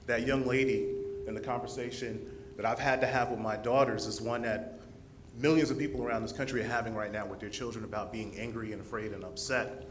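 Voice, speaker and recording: A man giving an impassioned public comment at a city council podium microphone, speaking with forceful, rising indignation. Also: medium pitch, fairly even intonation, brisk, noisy background.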